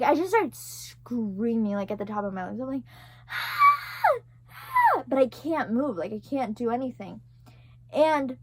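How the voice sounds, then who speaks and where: A young woman telling a story to her viewers in a loose, rambling way, packing in "like" and "right?" and swearing now and then. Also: high-pitched. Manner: rambling, heavy use of "like" and "right?"; swears casually. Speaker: vlogger. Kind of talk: casual storytelling to camera.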